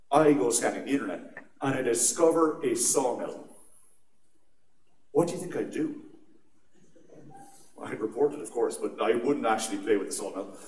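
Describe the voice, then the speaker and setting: A man's voice: mid-range voice, darkish tone, a little hiss or hum. Irish man telling stories in an echoey hall. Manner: chatty storyteller, laughs at his own stories. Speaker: conference speaker on security. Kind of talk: conference talk with personal anecdotes. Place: large atrium at a conference. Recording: echoey hall picked up from a distance.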